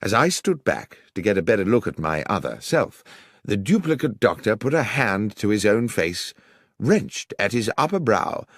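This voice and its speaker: A man narrating an audiobook story with a deep, husky voice and a lively, swinging melody. His telling is dramatic and expressive, close to the mic in a dry studio. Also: moderate pace, no room sound. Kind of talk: scripted first-person story narration.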